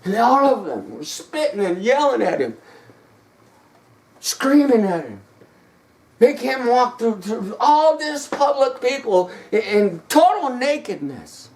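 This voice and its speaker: Brief: preacher, slow deliberate sermon storytelling, dramatic repetition, mid pitch. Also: very animated. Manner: repetitive, dramatic, rising to shouts.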